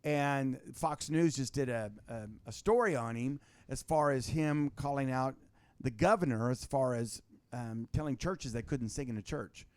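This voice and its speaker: A man, a guest on a talk show, telling stories in casual political chat, animated and full of restarts. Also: medium pitch, measured pace, no room sound. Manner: animated storytelling with many restarts.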